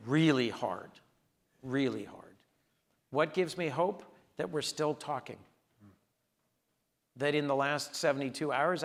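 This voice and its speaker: A man's voice: medium pitch, creaky, a bit bright. A man in his sixties, a senator speaking as the guest in an onstage conversation, telling earnest stories with emphatic delivery.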